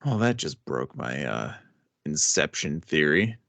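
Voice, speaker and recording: A man's voice: a bass voice, very animated, a little slow, creaky, fairly bright tone, no room sound. A man co-hosting a casual movie review podcast, rambling and thinking aloud. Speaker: podcast co-host.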